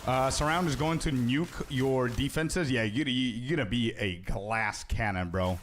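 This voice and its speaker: A young man streaming a game in a casual, chatty way, answering viewers' questions and calling them "bro". His voice sits at a middle pitch. A faint hiss of noise stays behind him. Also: unhurried, hardly any pauses. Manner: chatty, answers chat, says "bro" often. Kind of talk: casual live-stream chat.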